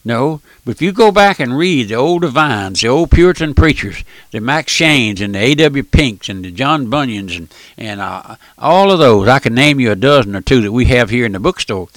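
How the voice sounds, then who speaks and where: Fiery preacher man, lively pitch. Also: moderate pace, few pauses, dry recording. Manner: fiery, emphatic preaching with folksy expressions. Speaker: radio preacher. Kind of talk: radio sermon.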